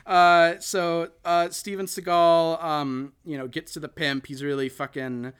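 A man's voice: on the high side, level tone, unhurried, a bit bright, clean tone. A man hosting a casual podcast, recapping a movie in a rambling way, full of "you know" and "like". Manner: rambling, filler-heavy, often "you know" and "like". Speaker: podcast host.

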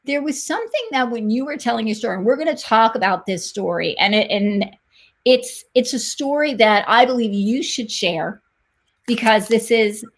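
A woman's voice: fairly high pitch, normal speed. A woman hosting a faith talk show, setting up a guest's story with encouraging, rambling lead-ins.

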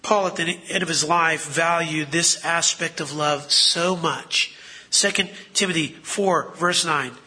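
Male preacher, chatty sermon full of rhetorical questions, husky and sharp-toned. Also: a little high, fairly even intonation, measured pace.

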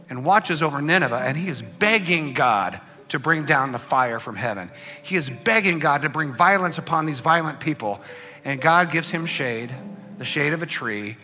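Preacher man telling a story, bright voice, kinda high, big echoey hall, soft music behind. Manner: animated, dramatic storyteller who swings from loud to hushed. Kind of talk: sermon storytelling. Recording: long hall reverb with faint music.

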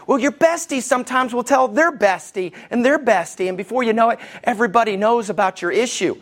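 A man preaching a sermon as lead pastor, animated and acting out quoted voices, calling out to the congregation. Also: a little fast, few pauses. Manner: animated, acts out quoted voices with big pitch jumps; calls out to the congregation for response.

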